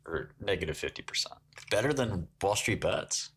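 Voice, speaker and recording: Joking man with a lowish voice. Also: lively intonation, normal speed, a bit bright, husky. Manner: joking, laughs often, answers chat. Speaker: livestream host. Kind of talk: casual livestream chat. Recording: keyboard typing clicks. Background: keyboard typing.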